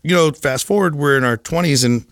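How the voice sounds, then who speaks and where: A man in his thirties, a podcast guest, telling his life story in a candid, profane way, with halting restarts. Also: on the high side, dry recording. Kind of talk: casual storytelling.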